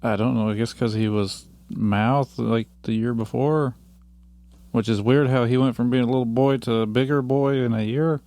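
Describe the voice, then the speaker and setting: A man's voice: mid-range voice, fairly even intonation, normal speed, mellow, no room sound. A man co-hosting a podcast, chatting casually and tossing in wry, jokey asides. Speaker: podcast co-host. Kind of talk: casual chat.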